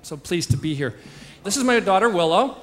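Playful high-voiced man leading a sing-along. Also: lively intonation, a little fast, fairly bright tone, long reverb tail, slight background noise. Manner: playful and teasing, coaching the crowd. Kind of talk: joking stage patter at a live show.

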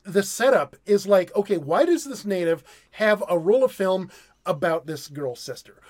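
A man with a fairly high voice who chats casually about films. He is wry and a little self-deprecating, and he picks apart plots in a relaxed, conversational way. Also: moderate pace. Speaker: podcast host. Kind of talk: casual film review chat.

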